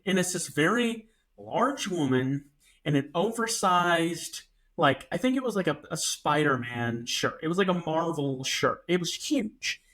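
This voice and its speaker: A young man co-hosting a podcast, telling stories in a casual, animated way with comic exaggeration. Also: on the high side. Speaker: podcast co-host. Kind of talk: casual chat.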